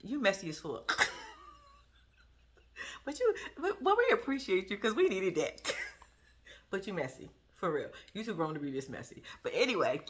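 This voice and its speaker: A woman giving sassy, animated casual commentary, often laughing. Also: medium pitch, moderate pace, long pauses. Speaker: reality TV recap vlogger.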